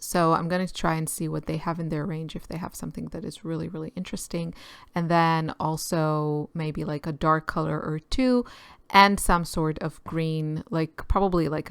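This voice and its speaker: A woman's voice: low-pitched, clean tone, no room sound. A woman host giving a casual voice-over narration, chatty and musing as she thinks aloud with small asides. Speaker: artist and channel host. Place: quiet room, recorded apart from the filmed footage.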